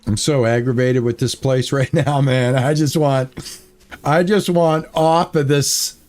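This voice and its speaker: A man's voice: mid-range voice, fairly even intonation, unhurried, darkish tone, soft background music. A man streaming a game, chatting with his viewers and easily exasperated as he plays. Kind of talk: casual gameplay commentary.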